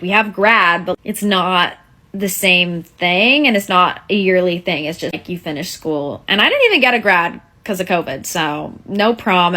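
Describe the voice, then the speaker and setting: A woman in her twenties from Canada, talking casually to camera and acting out other people's lines in a lively, higher voice. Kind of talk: casual vlog talk to camera.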